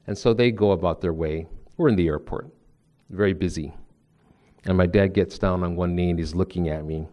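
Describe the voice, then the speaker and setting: A man with a low, deep voice speaks to a live audience from a podium. He is from New Jersey and delivers a spiritual talk as a string of personal stories. His delivery is loose and conversational, and he often restarts his sentences. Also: fairly even intonation, a little fast, warm tone. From New Jersey, USA. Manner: conversational, storytelling, frequent restarts. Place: lecture room with podium.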